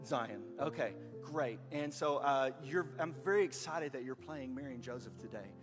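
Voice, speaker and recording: A man's voice: medium pitch, normal speed. Upbeat man with a handheld mic in a big echoing hall. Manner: playful and encouraging, laughs often. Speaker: storyteller leading a children's skit. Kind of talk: live narration with stage directions. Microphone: handheld microphone. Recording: long hall reverb, faint music.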